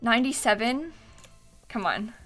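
A woman giving excitable live gaming stream commentary, swinging between panicked shrieks and quiet muttering. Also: fairly high pitch, a little slow, faint music behind.

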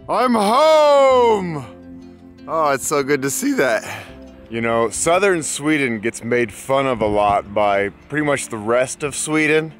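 An American man talks to his viewers in an eager, friendly way, his voice sitting a little high. He speaks at an unhurried pace while out on a bike ride. Faint music plays underneath. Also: a bit bright. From United States. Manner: enthusiastic, chatty, addresses viewers. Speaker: travel vlogger. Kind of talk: casual travel vlog. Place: outdoors, riding a bike.

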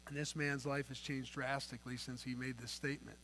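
A man preaching a sermon at an evening church service, earnest and emphatic, swinging between soft, low passages and louder pushes. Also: level tone, a little fast, a little hiss or hum. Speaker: pastor. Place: church sanctuary. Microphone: pulpit mic.

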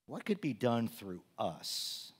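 A male pastor preaching a sermon to his church, often repeating words as he builds from calm teaching to loud, animated storytelling. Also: mid-range voice, slow, slightly rough.

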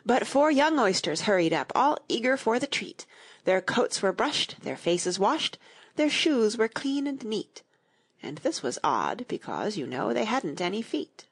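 A woman narrating a children's audiobook, reading rhymed verse in an expressive, rhythmic way. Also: mid-range voice, unhurried, husky.

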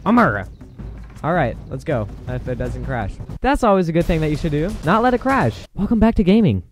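Hyped young guy doing let's play commentary, kinda high voice, game music and gunfire blasting behind. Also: a little fast. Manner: excitable, exclaiming and laughing at the game. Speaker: gameplay commentator.

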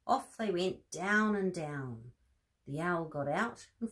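A woman reading a bedtime story to children, animated and asking the listener questions. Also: lowish voice, slow pace.

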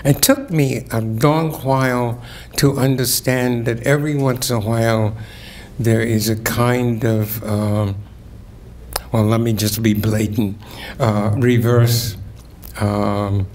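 An older man giving a keynote address, reading poems aloud in a slow, declamatory way and swelling to ringing emphasis on key words. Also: mid-range voice, fairly even intonation, darkish tone, slight background noise. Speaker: keynote speaker reading poetry. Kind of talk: dramatic poetry reading and lecture. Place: event hall at a community breakfast.

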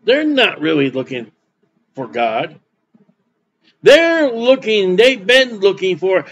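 A man's voice: sits high, big pitch swings, takes it slowly, long pauses, a little hiss or hum. Folksy preaching man, slightly muffled. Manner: folksy preaching with repeated words and Bible reading. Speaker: pastor. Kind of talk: sermon.

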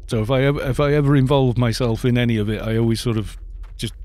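A man's voice: mid-range voice, fairly even intonation, quick pace, warm tone. A man chatting casually on a live game stream, rambling through jokes and often laughing at himself. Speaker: gaming streamer. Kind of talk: casual live-stream chat while playing.

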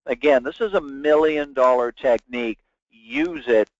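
A man's voice: mid-range voice, expressive, a little slow, no echo. A man giving a webinar lecture as a sales trainer, talking emphatically and acting out sample phone calls. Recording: dull, dry lo-fi webinar audio.

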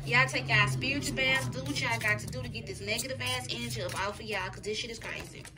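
A woman's voice: on the high side, fast, loud music behind the voice. A woman giving a casual tarot reading, talking bluntly and profanely and checking in with her viewers. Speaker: tarot reader.

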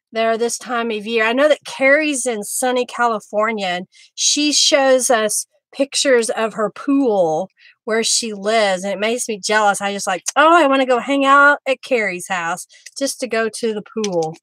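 A woman hosting a live craft stream, chatting warmly with viewers by name as she works. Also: high voice, no echo. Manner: friendly, talks to viewers by name while working.

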